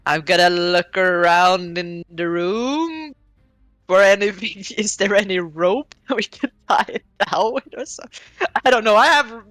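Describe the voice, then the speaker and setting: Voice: medium pitch, animated, unhurried, fairly bright tone, no room sound, clean studio sound. A player in a tabletop game who laughs a lot and sounds unsure of what to do. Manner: giggly and unsure.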